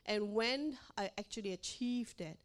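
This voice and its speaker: A middle-aged woman from Asia giving a motivational talk to mothers, animated and acting out quoted dialogue. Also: medium pitch, unhurried. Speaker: parenting speaker.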